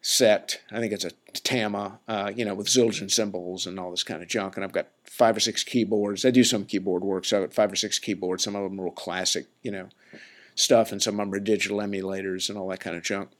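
Low-voiced man rambling casually. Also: steady tone, fairly quick, fairly bright tone. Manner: chatty, laid-back, lots of fillers and self-corrections. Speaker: podcast host.

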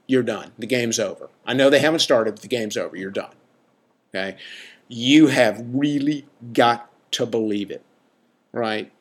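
A man, a coach and teacher, giving a podcast monologue in a blunt, emphatic way, often checking in with a "right?". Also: on the low side. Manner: emphatic, drives points home with repeated "right?"; blunt, casual, occasional swearing.

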